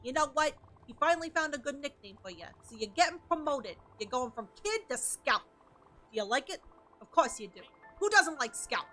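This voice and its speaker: A woman voicing a brash older male gangster boss, reading game dialogue aloud with bossy, gruff wisecracks. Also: high-pitched, sing-song, fairly quick, bright, forceful tone, soft background music, exaggerated voice.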